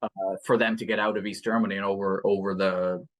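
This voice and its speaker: A man's voice: fairly low pitch, flat delivery, quick pace. A man co-hosting a book podcast in casual chat, chuckling often and stopping to restart his sentences. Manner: chuckling, many fillers and restarts. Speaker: podcast co-host.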